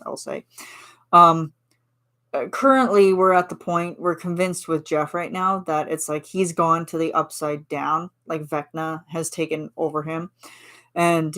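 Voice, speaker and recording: A woman's voice: deep voice, a bit bright. A woman from Canada chatting casually with her viewers on a stream, giggling and answering chat. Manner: chatty and giggly, reads chat replies aloud.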